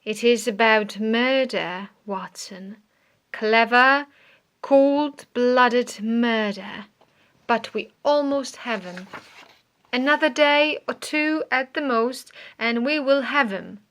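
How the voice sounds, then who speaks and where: Picture a sharp-minded detective giving orders in a clipped, commanding way, read by a woman in her own bright voice. The delivery is slow and deliberate, with a lifted pitch. It is an audiobook reading. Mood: calm.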